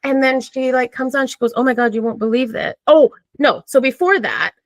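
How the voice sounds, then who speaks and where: A woman in a casual podcast chat, telling a story in an animated way, acting out quotes and saying "like" often. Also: high voice, brisk, dry recording. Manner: animated, acts out quotes, frequent "like". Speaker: podcast conversation partner.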